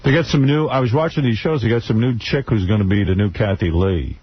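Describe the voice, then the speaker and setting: A man's voice: fairly low pitch, a little fast. A man hosting a radio show, chatting casually in a crude, blunt way. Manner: crude, blunt and animated storytelling. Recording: dull radio broadcast audio with faint noise.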